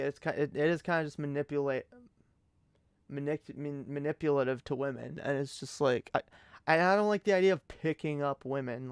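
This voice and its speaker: A man's voice: medium pitch, moderate pace, pauses often, clear, resonant tone, no echo. A young man streaming late at night, telling a story in a casual, rambling way, swearing often and restarting his sentences. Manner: rambling, profane, many restarts.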